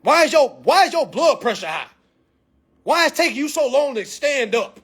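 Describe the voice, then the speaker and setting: A man's voice: very high-pitched, sing-song, moderate pace, fairly bright tone. A man delivering a blunt, profane, preachy rant in a monologue. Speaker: vlog commentator. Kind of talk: ranting monologue.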